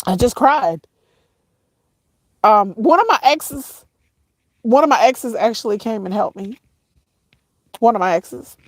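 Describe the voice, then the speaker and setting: A middle-aged woman talks straight to her viewers, halting and circling back on her words as tears press at her voice. Her tone sits a touch high, and the recording is close and dry with no room sound. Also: animated, no echo. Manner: halting, repeats herself, addresses viewers as y'all. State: tearful, voice breaking at times. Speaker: vlogger. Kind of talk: emotional personal storytelling to viewers.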